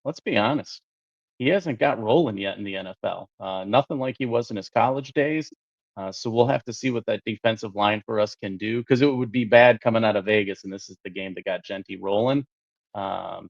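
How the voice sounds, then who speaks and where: A man with a low, gravelly voice chats loosely about football, filling pauses with "uh" and "you know". The recording is dry and a little muffled. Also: no echo. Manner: relaxed, lots of "uh" and "you know". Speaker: podcast co-host. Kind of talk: casual sports talk.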